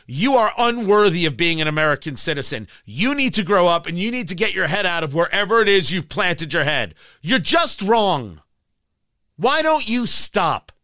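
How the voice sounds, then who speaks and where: A man's voice: high voice, bright, forceful tone, no room sound. A man hosting a political talk show, ranting in a combative, scornful opinion monologue.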